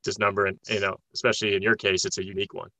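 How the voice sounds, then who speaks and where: A man's voice: lowish voice, little pitch movement, rapid-fire, bright, forceful tone, no room sound, low-quality recording. A man hosting an interview, asking loose, rambling questions. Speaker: interviewer, host.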